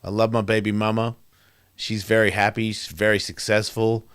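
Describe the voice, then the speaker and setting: A man's voice: lowish voice, little pitch movement, moderate pace, a bit bright, clear, resonant tone, no echo, studio quality. A middle-aged man, hosting his show and speaking candidly in a profane, rambling, confessional way. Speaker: host. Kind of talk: candid monologue.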